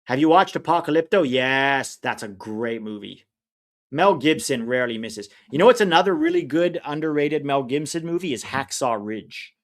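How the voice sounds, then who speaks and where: A livestream watch-along host talks at normal speed in an ordinary middle-pitched voice, chatting casually as he reads viewer comments. He rambles in a chatty, relaxed way, offers opinions and trails off when hunting for a name mid-sentence.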